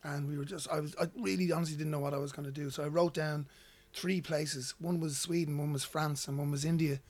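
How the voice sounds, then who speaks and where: A man's voice: fairly high pitch, fairly even intonation, a little fast, darkish tone. Irish man telling a rambling story. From Ireland. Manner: rambling, repeats words when starting sentences. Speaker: guest. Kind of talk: casual storytelling.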